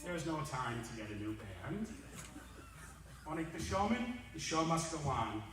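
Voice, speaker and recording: A man giving a comic roast speech in a large banquet hall, telling stories in a lively way and acting out the characters. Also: on the high side, measured pace, a little hiss or hum. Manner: lively storyteller, acts out the characters. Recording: echoey hall, distant mic.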